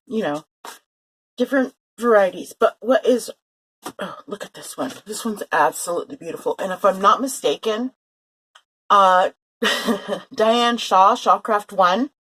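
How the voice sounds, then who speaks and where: A woman chats through a thrift haul in a loose, rambling way, full of fillers and quick self-corrections. She is recorded indoors at her sewing table on a home camera. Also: medium pitch, fairly bright tone, a little hiss or hum, rough recording. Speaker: vlogger showing a thrift haul. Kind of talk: casual haul vlog chat. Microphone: handheld or table camera.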